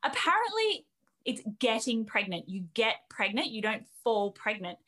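A woman's voice: fairly high pitch, big pitch swings, normal speed, bright, forceful tone. A woman with an Australian accent hosting a podcast interview in a bubbly, chatty way, laughing easily. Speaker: podcast host.

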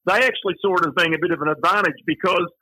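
A man's voice: high-pitched, rapid-fire, sharp tone, breathy edge, no room sound, rough recording. Chatty man with a broad Australian accent. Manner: anecdotal, chatty storyteller. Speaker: guest, finance and media figure. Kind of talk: conversational interview.

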